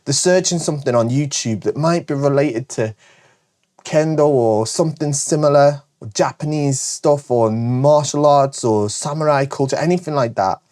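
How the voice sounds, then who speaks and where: A man with a northern English accent, hosting a casual show where he answers viewer questions, talking fast and chattily with frequent self-corrections. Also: medium pitch, a little mellow. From Britain. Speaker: host.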